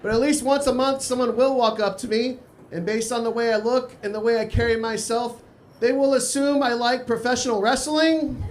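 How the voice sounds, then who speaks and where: A man from Texas doing a live stand-up set at a small cafe, talking in a dry, conversational way with crude asides. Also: very high-pitched. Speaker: stand-up comedian.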